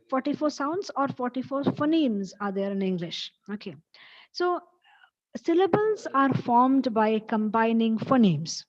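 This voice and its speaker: Woman lecturer, patient and explanatory, slightly high voice, dull lo-fi sound. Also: darkish tone. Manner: patient, explanatory, repeats key points. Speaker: college English teacher. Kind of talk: classroom lecture on phonetics.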